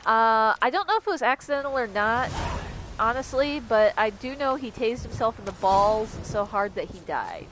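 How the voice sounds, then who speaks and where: A woman's voice: fairly high pitch, animated, normal speed, fairly bright tone, slight background noise. A young adult woman streaming a game, ranting casually with lots of swearing and sarcasm. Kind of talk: casual livestream commentary.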